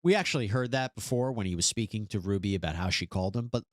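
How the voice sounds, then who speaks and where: A man's voice: fairly low pitch, fast, no room sound, studio quality. A man hosting a true-crime news commentary, narrating in a skeptical, wry manner. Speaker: host.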